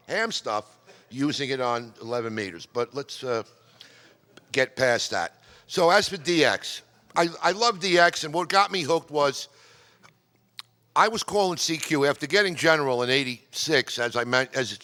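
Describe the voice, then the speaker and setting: A chatty, digressive middle-aged man from New York telling radio stories to a club audience. His voice is bright and forceful. It echoes with a long reverb, because he is speaking in a meeting hall. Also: medium pitch. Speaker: amateur radio presenter. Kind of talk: casual storytelling talk.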